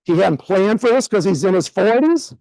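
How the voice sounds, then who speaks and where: A man telling an emotional story on stage at a business event, acting out what others said and dropping his voice low at key moments. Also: expressive, normal speed, vocal fry, mellow, no room sound, rough recording. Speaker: event speaker. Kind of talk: motivational stage talk. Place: event hall.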